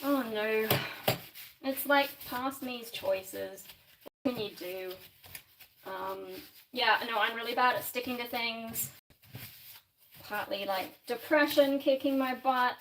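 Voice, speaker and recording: A woman's voice: on the high side, slow, long pauses, background noise. Rambling Australian woman on a live stream. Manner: rambling, self-deprecating, swears and laughs mid-sentence. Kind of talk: casual live-stream chat. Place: home room with shelves, indoors.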